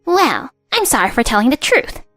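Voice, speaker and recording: A woman's voice: high voice, very animated, normal speed, a bit bright, no room sound, studio quality, soft background music. A woman voicing a haughty, mocking young daughter-in-law in a narrated drama story, with a sneering, dismissive way of talking.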